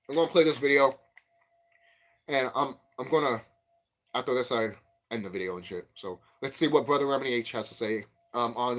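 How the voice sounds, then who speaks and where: A man vlogging as a spiritual commentator, telling stories in a rambling, profane, animated way. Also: mid-range voice. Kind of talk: rambling casual monologue.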